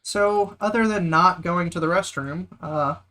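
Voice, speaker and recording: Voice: medium pitch, unhurried, bright, forceful tone. A streamer, joking and chatting casually during a game. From United States. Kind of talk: casual gameplay chat.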